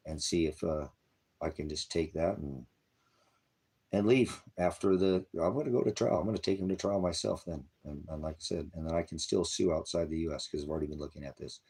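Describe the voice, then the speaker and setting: A man's voice: extremely low pitch, brisk, darkish tone, husky. A man preaching on a livestream, talking in a profane, aggressive, rambling rant and addressing his chat viewers. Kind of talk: angry rambling livestream talk.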